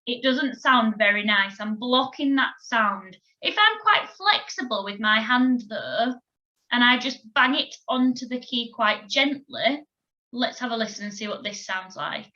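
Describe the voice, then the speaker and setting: A woman teaching a recorded children's music lesson, giving clear, encouraging instructions and counting beats aloud. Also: fairly high pitch, expressive, unhurried, sharp tone, lo-fi sound. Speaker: primary school music teacher.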